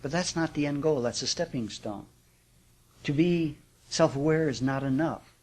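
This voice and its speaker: Older male spiritual teacher, husky tone, reflective sermon delivery with frequent restarts. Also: fairly high pitch, a little mellow. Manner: unhurried, reflective, with repetition and restarts.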